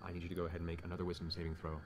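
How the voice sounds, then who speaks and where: Deep fast-talking game master. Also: male voice, completely flat delivery, over music. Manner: descriptive, fast narration with fillers. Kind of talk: narrating a tabletop game. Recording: noisy stream audio.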